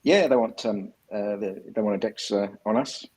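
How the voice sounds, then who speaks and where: Man, low husky voice, hesitant casual talker on a live stream. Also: normal speed, darkish tone. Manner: hesitant, many ums and uhs.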